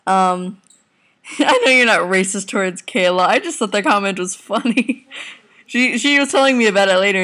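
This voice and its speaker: A woman's voice: medium pitch, normal speed, a bit bright. Teenage girl, casual chatty vlog, rambling, giggly, home couch, webcam. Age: teens. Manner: rambling, giggly, talks to viewers and family off camera. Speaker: vlogger. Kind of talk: casual chatty video reply.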